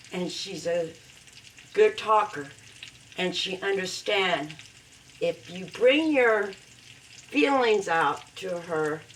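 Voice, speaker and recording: Slow-talking woman cooking at home. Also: lowish voice, recorded from a distance, slight background noise, rough recording. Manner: slow, heartfelt talk broken by loud whooping cheers. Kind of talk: casual cooking demonstration. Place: home kitchen with food frying.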